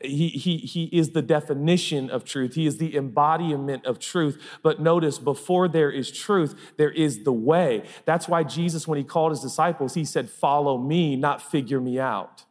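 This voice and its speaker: A man's voice: on the high side, moderate pace, few pauses. Emphatic male pastor in a reverberant hall. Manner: emphatic, repeats phrases for effect. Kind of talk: sermon. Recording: long reverb of a large hall.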